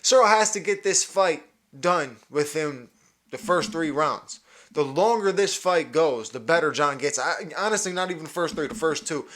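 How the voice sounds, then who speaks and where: A young man hosts his podcast alone, talking through fight predictions with eager energy. His voice sits a little high for a man, and he stumbles into repeats and restarts as his thoughts run ahead. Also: lively intonation, moderate pace, a bit bright. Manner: enthusiastic, repeats words and restarts often. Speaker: podcast host. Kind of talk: solo fight breakdown.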